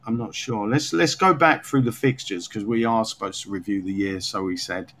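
A man's voice: on the low side, normal speed, fairly bright tone. Rambling, wry man. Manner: rambling, self-mocking, slightly sarcastic. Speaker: podcast co-host. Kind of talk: casual unscripted chat.

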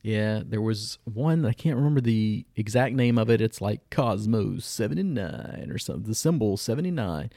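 A man's voice: on the low side, expressive, normal speed, gravelly, few pauses, warm tone, no echo. A man co-hosting a podcast, casually reviewing shows in a laid-back way and giving dry verdicts. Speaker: podcast co-host.

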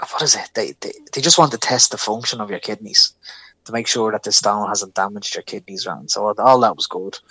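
Animated Irish man telling a story. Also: fairly low pitch, no echo. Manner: animated, acts out voices in his anecdotes. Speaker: podcast co-host. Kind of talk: casual storytelling chat.

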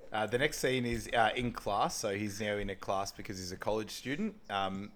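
A man's voice: fairly low pitch, normal speed, a bit bright. A man co-hosting a podcast, casually recapping a movie, rambling and laughing often as he acts out lines. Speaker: podcast co-host. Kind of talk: casual film recap chat.

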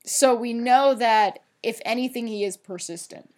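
A woman with a somewhat high voice talks through a TV episode in loose, casual chat. She leans on fillers and tosses in the odd swear word. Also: moderate pace, a little mellow. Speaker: podcast co-host recapping a TV episode.

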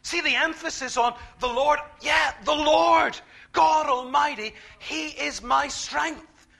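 A man preaching a sermon, emphatic, repeating key phrases and swinging between quiet, slow lines and loud ones. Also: very high-pitched, creaky.

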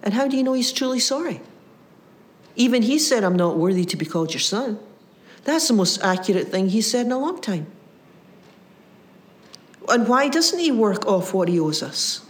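A woman's voice: medium pitch, lively intonation, moderate pace, pauses often, lightly acted. A woman playing a resentful, indignant elder brother. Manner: scornful, incredulous.

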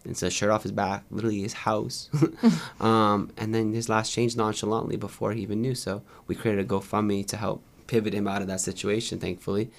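A man who is a podcast guest, telling stories quickly and animatedly, acting out the dialogue. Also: lowish voice, steady tone, creaky. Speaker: guest, content creator. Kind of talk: casual storytelling.

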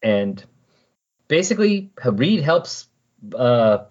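A man's voice: medium pitch, sing-song, slow, darkish tone, highs cut off. A man hosting a podcast, recapping comic book scenes in casual chat and animatedly acting out the characters' lines. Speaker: podcast host.

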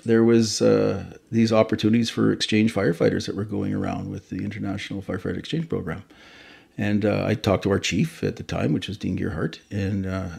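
Gravelly, husky older-sounding man. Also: lowish voice, dark tone. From Canada. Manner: rambling, self-correcting storyteller. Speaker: guest, fire chief. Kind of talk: casual interview chat.

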